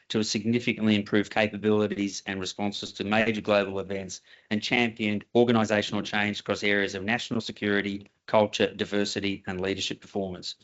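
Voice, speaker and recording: A man's voice: mid-range voice, a bit bright. Man telling a ceremony story. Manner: storytelling, with halting restarts. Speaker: company head giving a ceremony speech. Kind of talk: formal speech with anecdotes. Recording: slightly dull lo-fi recording.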